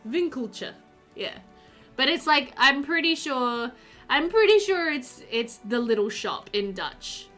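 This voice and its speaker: A woman chats easily with her viewers at home as she plays, peppering her talk with ums and likes. Her voice sits a little on the high side. Light game music plays quietly under her. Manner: chatty, filler-heavy, answers chat while playing. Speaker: game streamer. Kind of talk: casual live-stream chat.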